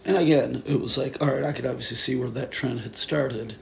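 A medium-pitched, brisk, gravelly male voice, with a crowd audible behind him. He hosts a casual podcast chat, speaking loosely and swearing now and then. He's animated and slips into joking put-on accents.

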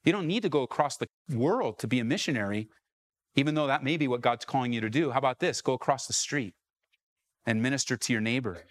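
This is a male pastor from Southern California preaching to his church congregation, asking the room questions and driving points home with rising calls. He speaks in a mid-range voice at a quick pace, and the recording is dry.

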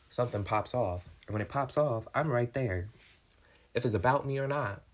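A man who works as a manager, telling a workplace story in a casual vlog, animated and swearing, swinging from calm to worked up. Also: fairly low pitch, normal speed. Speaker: vlogger, restaurant manager.

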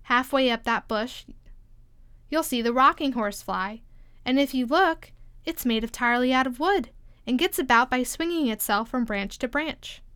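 A woman reading aloud and voicing a tiny, wistful male gnat who speaks softly and coaxingly. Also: sits high, moderate pace, clean tone. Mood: explaining.

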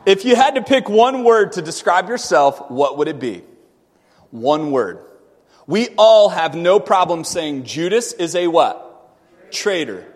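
Animated preacher with a high, lively voice. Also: male voice, slow, long reverb tail. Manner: animated, swings from loud shouting to quiet asides; joking, conversational with congregation. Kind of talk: sermon.

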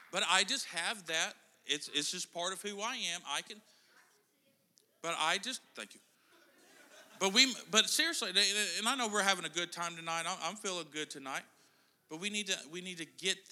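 A man's voice: sits high, normal speed, pushed and bright. A middle-aged man preaching a casual sermon in a church, chatting and joking with the congregation. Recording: church hall reverb.

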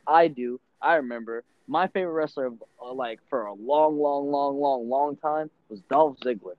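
Animated man on a lo-fi podcast mic. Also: medium pitch, moderate pace, no echo. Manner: animated, emphatic, laughs often. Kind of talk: casual wrestling podcast chat.

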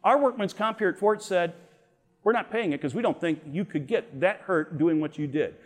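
A man's voice: high-pitched, moderate pace. A middle-aged man teaching a Bible lesson to teenagers at a camp, telling personal stories and acting out the voices he quotes. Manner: storytelling, acts out quoted voices. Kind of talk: animated youth Bible lesson.

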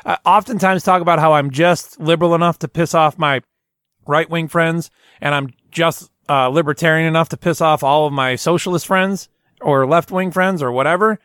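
A man's voice: fairly high pitch, fairly even intonation, normal speed, a bit bright, clean tone, no echo, studio quality. A man from Arizona hosting a comedy podcast, rambling in casual chat. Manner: rambling, chatty, frequent restarts. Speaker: podcast host.

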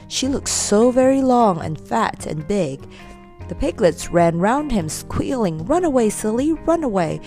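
A woman reading a children's storybook aloud in an expressive way. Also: medium pitch.

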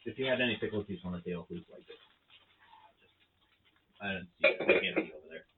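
A man's voice: lowish voice, quick pace. A man casually taste-testing snacks with friends, playful and talking while eating. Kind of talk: casual chat. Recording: tinny phone-like sound, faint hiss.

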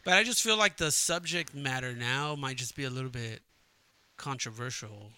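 A man's voice: mid-range voice, normal speed, pushed and bright, clean tone, no room sound. A man co-hosting a casual podcast, laid-back and rambling, with a lot of "dude.". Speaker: podcast co-host.

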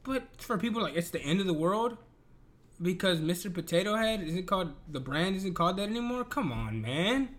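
Male, very high voice, animated swings in pitch; casual, profane, exasperated rant. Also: moderate pace. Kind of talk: casual ranting commentary.

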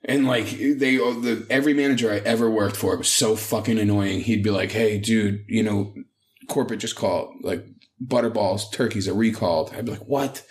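A man's voice: fairly low pitch, normal speed. A man in his thirties, co-hosting a casual podcast, telling profane work stories and acting out what people said. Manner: profane storytelling, animated retellings. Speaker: podcast co-host. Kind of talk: casual chat.

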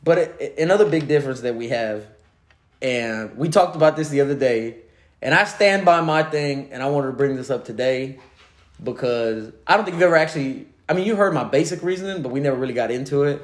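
A man co-hosting a casual chat, telling animated stories with acted-out quotes and frequent laughs. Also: medium pitch, fairly quick. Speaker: podcast co-host. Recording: echoey room.

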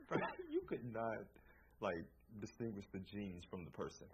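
A man's voice: on the low side, huge pitch swings, measured pace. A young man co-hosting a casual podcast with a dry, teasing and mock-exasperated way of talking. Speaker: podcast co-host. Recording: dull lo-fi audio with loud noise.

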